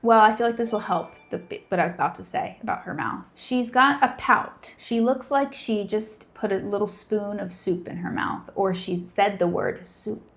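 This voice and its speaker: A woman's voice: mid-range voice, normal speed, gravelly, few pauses. A woman describing a face in casual chat, chatty and full of fillers. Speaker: describer in a drawing challenge.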